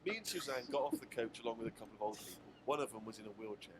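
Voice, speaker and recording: A man reading his diary aloud in a deadpan, matter-of-fact way. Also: on the low side, very fast. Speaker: diary writer reading on a radio show. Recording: clip with clear background noise.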